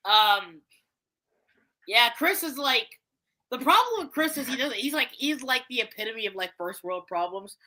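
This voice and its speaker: Casual woman co-host, brash and profane, high bright voice. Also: moderate pace. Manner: blunt, profane, animated. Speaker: podcast co-host. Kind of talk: casual chat about voice casting.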